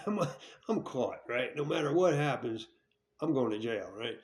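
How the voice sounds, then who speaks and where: His voice is medium-pitched and darkish, animated yet unhurried. Telling a tough personal story with candor, he swears, speaks bluntly, rambles and restarts, and keeps asking "right?" to check in.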